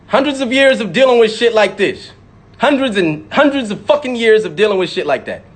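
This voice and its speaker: Intense, high-voiced man swearing hard. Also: animated, fairly quick. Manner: profane, emphatic, intense, repeats words for stress. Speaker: rapper. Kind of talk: impassioned monologue to camera.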